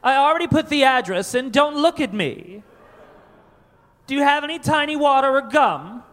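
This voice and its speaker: A comedian voicing a spoiled, entitled rich young man who barks demands in a whiny, shrill voice. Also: lively intonation, normal speed, fairly bright tone. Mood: demanding. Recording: reverberant live comedy venue.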